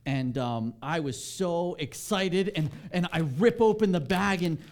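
A man in his thirties preaching a sermon in a church, telling a personal story with lively acted-out quotes before turning to scripture. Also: a little high, measured pace. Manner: animated storytelling, acts out quotes. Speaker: pastor. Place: church sanctuary.

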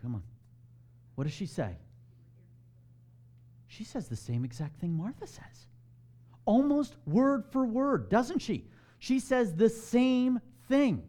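A man preaching a sermon, animated and emphatic, asking the congregation direct questions and dropping to a hush on key lines. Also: on the high side, a little slow, long pauses. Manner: swings between loud emphasis and hushed softness. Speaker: pastor.

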